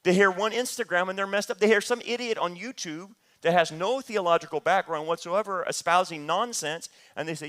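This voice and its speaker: A man's voice: sits high, fairly quick, fairly bright tone. A man teaching a church Bible study, emphatic and repetitive, rising into heated outbursts. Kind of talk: sermon-style teaching.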